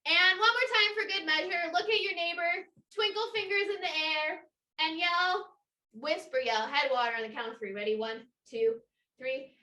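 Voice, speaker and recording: A young woman leading an upbeat online lesson for children, energetic, encouraging and playful. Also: very high voice, moderate pace. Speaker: children's water festival educator. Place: home, indoors. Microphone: video call.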